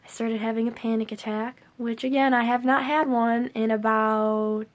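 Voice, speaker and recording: A woman's voice: on the high side, steady tone, moderate pace. A young woman vlogging to camera, rambling casually with lots of filler words.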